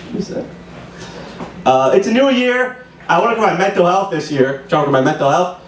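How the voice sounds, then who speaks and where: Here a twenty-something comedian works through a rambling, profane open-mic set in a small club. He speaks a little fast in a high, sing-song voice. Captured from afar, the audio carries plenty of the room's echo.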